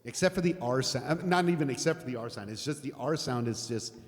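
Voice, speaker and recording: A man's voice: mid-range voice, quick pace. An older American man chatting casually with viewers on a live music stream, rambling and laughing, with some swearing. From United States. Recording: long reverb, guitar music behind.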